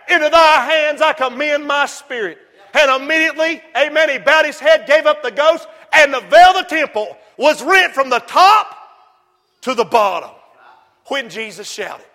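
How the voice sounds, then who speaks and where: A man preaching a fiery sermon, shouting and whooping, then dropping to low asides. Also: expressive, normal speed, a faint crowd. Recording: long hall reverb.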